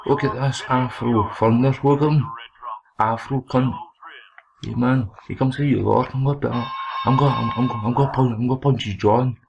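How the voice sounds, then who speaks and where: A Scottish man giving excited, foul-mouthed let's play commentary, trash-talking the game as he plays. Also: mid-range voice, moderate pace, creaky, highs cut off. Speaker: gaming commentator. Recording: noisy home recording.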